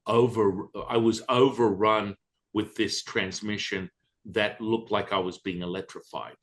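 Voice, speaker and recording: A man with a somewhat low voice tells his story as a podcast guest. He is blunt and swears freely, acting out what he thought and said along the way. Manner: blunt and profane, animated retelling. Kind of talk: storytelling in conversation.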